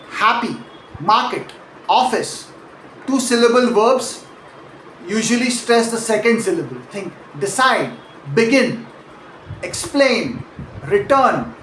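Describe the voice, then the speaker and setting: High-voiced male accent coach, echoey room. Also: a little hiss or hum. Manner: explanatory, demonstrates word stress by example. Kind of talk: pronunciation lesson.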